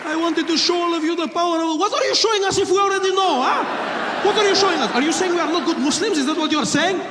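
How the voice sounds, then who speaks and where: A man voicing an indignant Muslim passenger who badgers in broken English and shouts. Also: very high-pitched, completely flat delivery, quick pace, crowd noise, noisy background, voice pushed up. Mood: indignant shouting.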